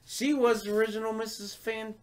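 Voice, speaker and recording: A man's voice: high voice, steady tone, brisk, a crowd in the background. A man co-hosting a podcast in casual chat, swearing freely, laughing often and acting out voices. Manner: profane, laughing, acts out voices. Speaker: podcast co-host.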